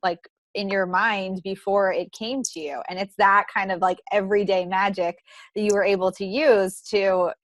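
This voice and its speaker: A woman's voice: mid-range voice, little pitch movement, moderate pace, no echo. A woman hosts a casual podcast interview, her talk loose and full of restarts. The recording is close and dry, with no room sound. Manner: chatty, many fillers and restarts, laughs often. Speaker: podcast host.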